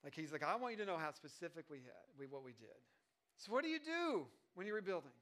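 A man's voice: fairly high pitch, sing-song, fast talker, a bit bright. A male pastor giving a sermon in a casual, conversational way, with joking asides and lots of fillers and restarts.

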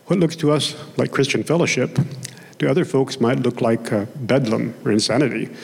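Plain-spoken pastor in a hall. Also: male voice, medium pitch, moderate pace, gravelly, breathy edge. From Oklahoma. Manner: conversational, plain-spoken preaching with asides. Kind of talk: sermon. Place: church sanctuary. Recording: long hall reverb in a sanctuary.

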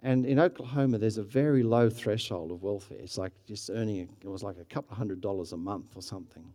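Australian pastor telling a story. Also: male voice, on the low side, fast talker, dark tone. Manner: conversational, with frequent restarts and rising bursts of energy. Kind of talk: sermon storytelling.

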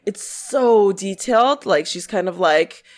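A woman's voice: mid-range voice, animated, measured pace, darkish tone. A young woman co-hosting a podcast, chatting casually, giggling often and mimicking voices as she tells stories. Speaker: podcast co-host. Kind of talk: casual chat.

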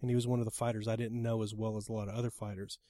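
A man telling a story in casual conversation as a podcast guest, swearing freely and shouting out the lines he quotes. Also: lowish voice, very fast, dry recording, clean studio sound. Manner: animated, profane, shouts when acting out quotes.

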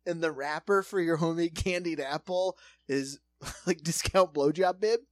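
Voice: medium pitch, moderate pace, no echo, clean studio sound. A podcast co-host in casual comedic banter who laughs a lot and acts out little scenes with quoted voices.

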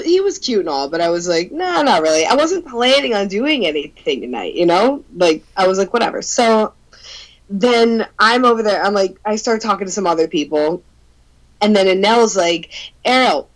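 Young woman gabbing about her night, super animated, swears, keeps saying like, laughs a bunch. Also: medium pitch, normal speed, low-quality recording. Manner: animated, profane, laughs often, fills with "like". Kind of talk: casual storytelling chat.

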